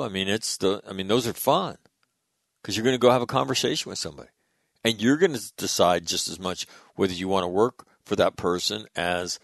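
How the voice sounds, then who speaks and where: A middle-aged man hosting a show, telling a story in a blunt, casual way with some swearing and lively retelling of conversations. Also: low voice, gravelly, dry recording, clean studio sound. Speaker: show host.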